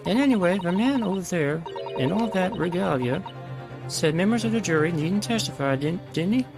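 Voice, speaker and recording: A man voicing a shrill, indignant middle-aged woman juror in a high put-on falsetto, stammering and huffy. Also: expressive, moderate pace, over music, poor audio. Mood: defensive. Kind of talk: voicing game characters live.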